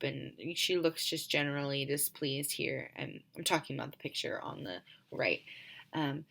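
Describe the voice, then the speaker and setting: Low, gravelly young woman presenting hesitantly. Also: fairly bright tone. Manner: hesitant, many filler ums. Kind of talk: casual class presentation.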